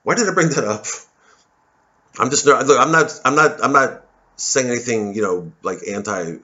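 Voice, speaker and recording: A man's voice: mid-range voice, animated, moderate pace, sharp tone, lo-fi sound. A man in his forties in a casual, rambling monologue, full of swearing and restarts. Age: 40s. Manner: rambling, profane, many restarts. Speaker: comedian vlogger.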